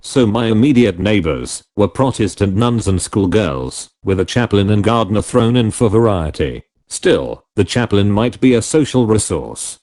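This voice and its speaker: Low expressive guy reading an old novel, lively pitch. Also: moderate pace, few pauses. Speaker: audiobook narrator. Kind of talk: scripted first-person narration.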